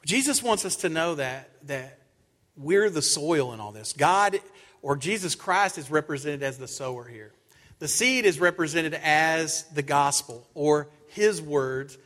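Bright-voiced man preaching in echoing hall. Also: fairly high pitch, unhurried. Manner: animated storyteller, acts out his own quotes. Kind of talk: sermon with personal stories. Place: church sanctuary. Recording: long church hall reverb.

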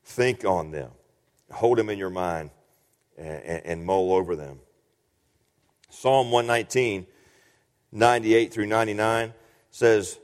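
A man's voice: on the low side, a little slow, long pauses. A man preaching a sermon in an earnest teaching manner, often restarting and repeating words. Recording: long hall reverb.

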